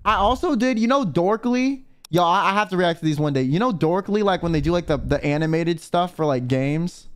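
A man's voice: high voice, expressive, brisk, few pauses, smooth. A young man streaming, reacting casually to his own old videos in a slangy, rambling way. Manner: laid-back, slangy, rambling.

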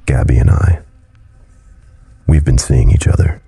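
A man voicing a frightened young man, Lucien, deep and gravelly. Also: steady tone, a little slow, mellow, exaggerated voice.

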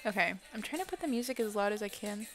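A woman's voice: medium pitch, expressive, quick pace. A young adult woman chatting casually to viewers on a gaming live stream, swearing freely and blurting out exclamations. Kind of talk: casual live-stream chat while playing. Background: faint music.

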